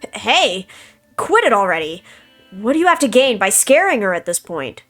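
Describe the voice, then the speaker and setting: A woman voicing a flustered teenage boy who tries to calm things down. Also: mid-range voice, normal speed, soft background music.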